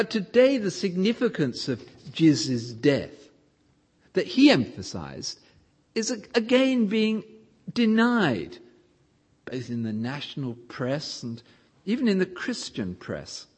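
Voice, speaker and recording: A man's voice: a little high, darkish tone, husky. A man preaching a sermon in an emphatic way, his voice rising and falling to stress points.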